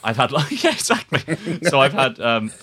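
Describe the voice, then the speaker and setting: Bright-voiced posh English man, rambling. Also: medium pitch, sing-song. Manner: rambling, halting, laughs often. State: woozy after a blood test. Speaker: podcast co-host. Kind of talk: casual chat.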